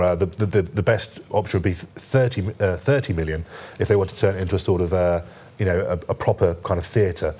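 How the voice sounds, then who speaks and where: A man's voice: low voice, mellow. A male journalist guest on a TV newspaper review, talking in stops and starts with a light joking tone. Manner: hesitant, many fillers and restarts, lightly joking. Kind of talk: studio discussion.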